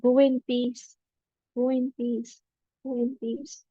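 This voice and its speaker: A woman, a spiritual teacher leading a guided forgiveness meditation in a gentle, humble voice with repeated affirmations. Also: high voice, flat delivery, slow pace, slightly rough, no echo. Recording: dull lo-fi dry recording.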